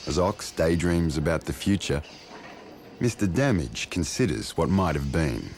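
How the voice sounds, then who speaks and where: A man giving slow, measured scripted documentary narration. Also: very deep voice, lively intonation, a little mellow, a little hiss or hum.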